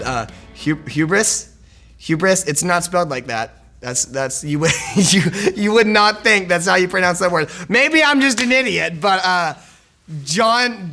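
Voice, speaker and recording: A young man who is the lead actor chats casually in a behind-the-scenes interview, rambling, putting himself down and laughing easily as he jokes with the crew. His voice is fairly high, bright and pushed.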